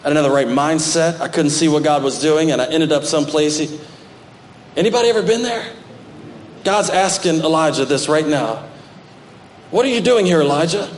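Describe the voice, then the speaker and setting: A male pastor delivers a sermon from the front of a church, reading scripture and then pressing his points with sudden emphatic lifts. His voice sits slightly high for a man. The sanctuary rings with a long, roomy reverb over a faint hum of ambience. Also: moderate pace, long pauses. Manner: preaching with rising emphatic bursts, reading scripture aloud.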